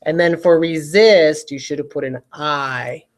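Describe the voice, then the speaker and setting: A woman's voice: low-pitched, a little slow. A woman teaching a recorded phonics lesson to children, patiently stretching out vowel sounds and syllables.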